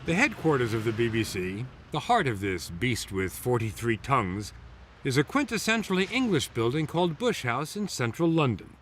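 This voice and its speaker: A man narrating a television news feature in a measured, expressive scripted read with wry asides. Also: mid-range voice, a little hiss or hum.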